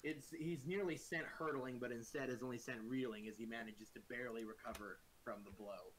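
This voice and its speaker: A man's voice: mid-range voice, brisk, slight background noise. A man narrating a tabletop game as game master in a playful, dramatic way.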